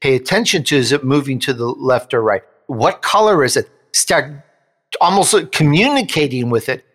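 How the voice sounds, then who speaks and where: A man's voice: mid-range voice, normal speed, a bit bright, long reverb tail. A man hosting an interview show, talking with enthusiasm and emphatic bursts. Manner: enthusiastic, emphatic, laughs between points. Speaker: show host. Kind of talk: interview chat.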